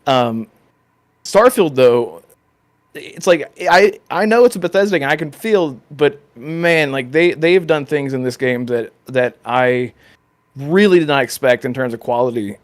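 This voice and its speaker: A man co-hosting a casual podcast chat, animated and quick to laugh, with many restarts. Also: medium pitch. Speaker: podcast co-host.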